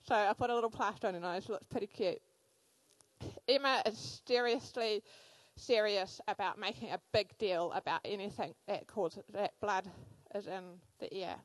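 A woman in her thirties, a church speaker giving a sermon, telling animated personal stories with frequent fillers. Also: mid-range voice, normal speed, no room sound, poor audio.

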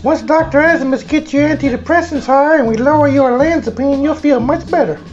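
A man putting on a cheerful, naive grown man in a high falsetto, upbeat and self-assured in a sing-song way. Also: brisk, lo-fi sound, faint music behind. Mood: chipper.

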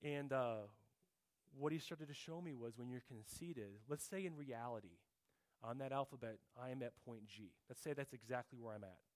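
A middle-aged male pastor delivers a sermon in a casual, conversational manner. He speaks at a mid pitch, addresses the room as guys, and often stops to restart his phrases. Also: moderate pace.

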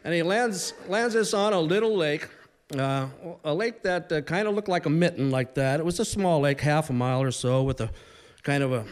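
A man in his sixties telling a humorous story live to an audience, conversational with pauses and restarts. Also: a little high, clear, resonant tone.

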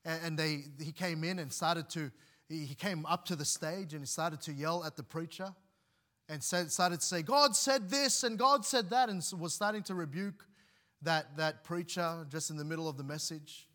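Bright-voiced pastor preaching a sermon. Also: male voice, fairly high pitch, fairly even intonation, moderate pace. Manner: earnest, repeats words and restarts, reads scripture aloud.

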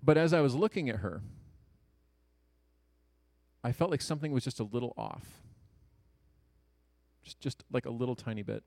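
A man's voice: medium pitch, lively intonation, gravelly, no room sound. Male storyteller, thirties, earnest and conversational, mid-range voice, dry close sound. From Ohio, USA. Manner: earnest, conversational, with quick jokes and hushed asides. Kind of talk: personal story told to an audience.

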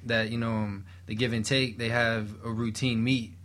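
A man's voice: mid-range voice, flat delivery, normal speed, fairly bright tone. A man from Miami, a handyman guest, talking in a laid-back way with many fillers. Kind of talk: casual interview chat.

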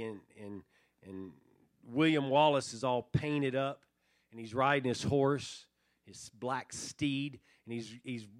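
A man's voice: medium pitch, fairly bright tone, no room sound, clean studio sound. A male pastor preaching a sermon to his congregation in a loose, conversational way, with fillers and restarts, building intensity as he retells a story. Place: church sanctuary.

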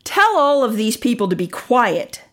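A woman's voice: fairly high pitch, big pitch swings, a little slow, fairly bright tone. A woman reading the scolding lines of stern, angry male temple teachers in a children's story.

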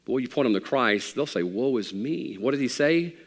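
A middle-aged man preaching a sermon as pastor, animated and rising to near shouts. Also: mid-range voice, fairly quick, long reverb tail. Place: church sanctuary.

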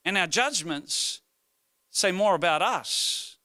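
Kiwi pastor preaching, bright forceful voice, dry close sound, funny stories. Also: male voice, high voice, takes it slowly, no echo. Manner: humorous, animated storytelling. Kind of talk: sermon with personal stories.

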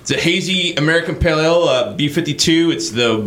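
A man's voice: a little high, lively intonation, fairly bright tone, roomy sound, a little hiss or hum. A man hosting a beer quiz on a podcast in a studio, speaking casually and upbeat with many fillers. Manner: upbeat, quick, with frequent fillers. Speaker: host running a beer quiz. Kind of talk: casual chat.

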